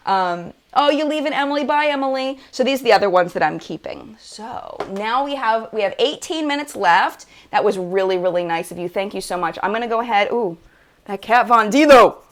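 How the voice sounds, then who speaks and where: A woman's voice: medium pitch, expressive, fairly quick, few pauses. A woman hosting a casual live-stream chat about makeup, gushing and chatty, full of "like" and "oh my gosh". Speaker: beauty channel host.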